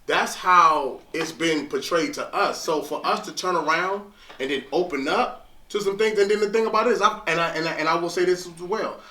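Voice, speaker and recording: A man hosting a casual group discussion, animated and repeating himself to hold the floor. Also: a little high, moderate pace. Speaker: host. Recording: roomy echo, mic far off.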